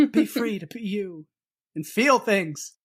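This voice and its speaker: A man's voice: high voice, lively intonation, takes it slowly. A man co-hosting a casual podcast, easygoing and laughing often as he chats. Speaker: podcast co-host.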